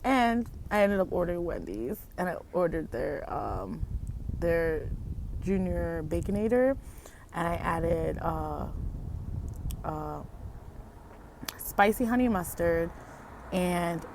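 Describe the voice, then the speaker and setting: A woman talks casually into her phone outside at night, rambling and laughing as her thoughts drift. She is a little high and her voice sits on the low side. Faint outdoor noise hums behind her. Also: animated, slow pace, vocal fry, long pauses. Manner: rambling, laughing, self-interrupting. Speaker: vlogger. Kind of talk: casual chat.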